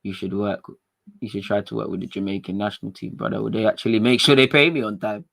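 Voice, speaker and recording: A British man from England hosting a casual livestream, chatting in slang, reading viewer comments and talking with animated energy. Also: on the low side, fast, gravelly. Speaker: livestream host.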